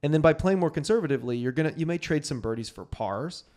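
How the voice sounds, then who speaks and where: A man's voice: a little high, expressive, fast talker, a little mellow. A man co-hosting a golf podcast, chatting loosely and explaining strategy with plenty of fillers. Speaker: podcast co-host. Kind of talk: casual chat.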